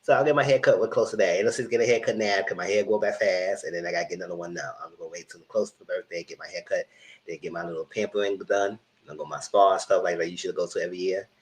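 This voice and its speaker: A man's voice: low voice, fairly even intonation, racing, poor audio. A man in his thirties hosting a live-stream TV review, chatting casually and greeting his viewers directly. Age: 30s.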